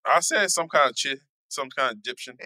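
A man's voice: medium pitch, lively intonation, a little fast, bright, forceful tone, dry recording. A young man in a casual podcast chat, joking and arguing his point stubbornly. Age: young adult.

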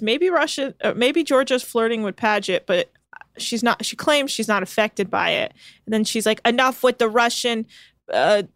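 A woman co-hosts a casual podcast from home, recapping a reality show with sardonic asides, free swearing and offhand quotes of people. Her voice is fairly high and fairly bright, recorded at studio quality with no room sound.

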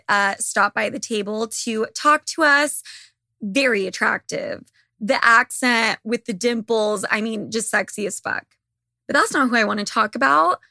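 Young woman podcast host, candid profane rant, slightly high and sharp, dry close mic. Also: dry recording. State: slightly losing her voice. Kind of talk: casual monologue.

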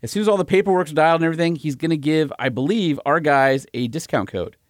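Male podcast host, brisk upbeat ad-read delivery, slightly high voice; dry close mic, faint music. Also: dry recording. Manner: upbeat, brisk pitchman on ad reads, teasing. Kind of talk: casual chat and live ad reads. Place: small cramped room.

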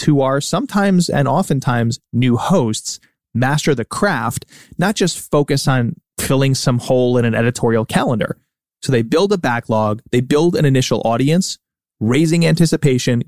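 A man's voice: medium pitch, a little mellow, no echo, studio quality. A man hosting a marketing podcast, explaining ideas in a coaching, explanatory way. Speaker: podcast host. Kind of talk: scripted podcast commentary.

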